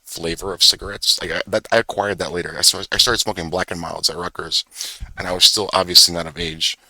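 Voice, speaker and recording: A young male vlogger with a deep, fairly flat voice talks fast in a pushed, bright tone. He tells a rambling, profane story while screen-sharing, full of fillers and self-corrections. The recording is rough and has no room sound.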